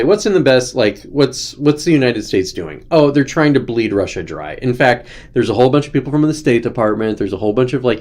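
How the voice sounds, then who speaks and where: On his own show, a man rants through casual political commentary in a loose, sarcastic way, regularly slipping into mocking quotes. His voice sits in the mid range with a darkish tone.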